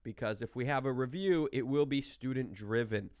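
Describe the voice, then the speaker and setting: Male math instructor, relaxed lecture delivery, raspy low fry, chewing gum against a cough. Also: moderate pace, dry recording, clean studio sound. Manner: informal, explains with asides. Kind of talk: class lecture.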